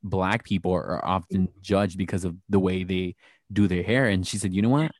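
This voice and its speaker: A man's voice: sits low, fairly even intonation, normal speed, no room sound, studio quality. A man hosting a podcast, chatting casually through a recap with sarcastic asides. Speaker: podcast host.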